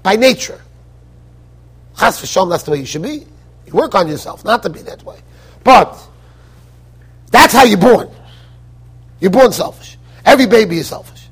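An American man, a rabbi giving a Torah lecture in a yeshiva study hall, animated and full of rhetorical questions. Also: high-pitched, normal speed, pauses often, husky. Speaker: rabbi teaching a Torah class.

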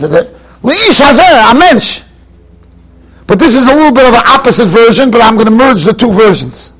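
High-voiced emphatic rabbi lecturing. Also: male voice, a bit bright, husky, rough recording. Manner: emphatic storytelling, mixing Yiddish and Hebrew terms. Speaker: rabbi giving a Torah class. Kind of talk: yeshiva Torah lecture. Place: study hall in a yeshiva.

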